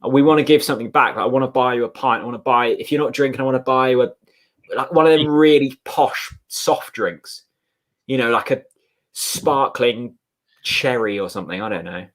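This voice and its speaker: A man's voice: mid-range voice, a little fast, fairly bright tone. A man co-hosting a football watchalong, rambling gratefully with lots of fillers. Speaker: fan channel co-host. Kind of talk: casual watchalong chat.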